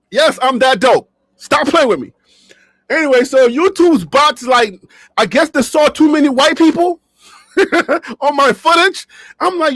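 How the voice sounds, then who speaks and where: Man, sports vlogger, very high voice, animated and jokey, laughs a lot, dry close sound. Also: takes it slowly, pauses often, dry recording. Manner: animated, joking, laughs often, repeats himself. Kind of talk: casual talk to camera. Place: his own studio.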